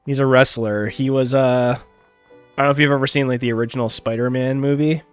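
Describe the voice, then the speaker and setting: A man's voice: medium pitch, fairly even intonation, measured pace, clear, resonant tone, faint music behind. A man streaming a game live, chatting casually in a laid-back, chill way and chuckling often. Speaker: gaming streamer. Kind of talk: casual gaming livestream chat.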